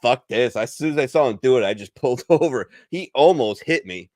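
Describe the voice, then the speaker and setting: A middle-aged American man hosting a casual live stream, telling profane, animated stories. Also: mid-range voice, a little fast, no echo, studio quality. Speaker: podcast co-host. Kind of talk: casual banter and storytelling.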